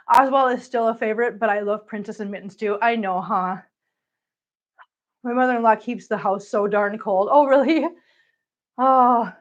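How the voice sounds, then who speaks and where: Chatty woman cooing at cats. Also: a little high. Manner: chatty, coos baby talk at her cats. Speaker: channel host. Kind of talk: casual livestream chat. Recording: dull lo-fi sound.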